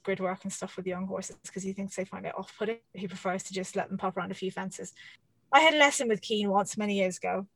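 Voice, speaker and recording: A woman telling horse-riding stories in casual chat, swearing freely and animated. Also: mid-range voice, dry recording.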